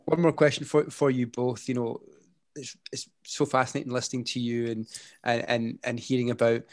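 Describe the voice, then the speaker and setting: A man's voice: medium pitch, little pitch movement, brisk, no room sound. Male interviewer, dry close sound. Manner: enthusiastic, wordy questions. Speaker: podcast host. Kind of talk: interview questions.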